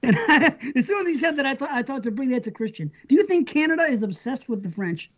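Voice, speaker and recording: A man's voice: extremely high pitch, big pitch swings, fast talker. Rambling American man on lo-fi audio. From United States. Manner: rambling storyteller, chuckles often. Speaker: podcast host. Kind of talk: casual chat.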